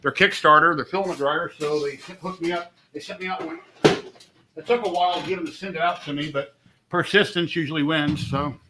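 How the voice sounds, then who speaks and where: A man's voice: fairly high pitch, steady tone, a little fast, background noise. A middle-aged man chatting casually and rambling on a home live stream, easygoing and talkative. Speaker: livestream host.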